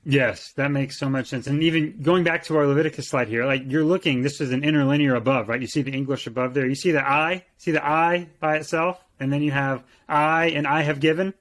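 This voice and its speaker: A man's voice: a little high, fairly even intonation, a little fast, few pauses, fairly bright tone. Man teaching a casual Bible lesson. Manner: thoughtful, many restarts and repeated words. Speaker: co-host, teacher.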